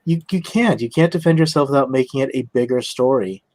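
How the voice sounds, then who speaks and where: A man hosting a casual conversation, talking in a measured, hesitant way. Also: mid-range voice, a little mellow, dry recording. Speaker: host.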